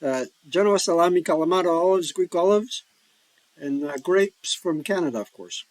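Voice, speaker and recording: Here a man's high, expressive voice comes at a normal speed over a dry, low-quality recording. He's a board wargame player and host giving casual commentary on a solo game, joking and rambling with folksy asides.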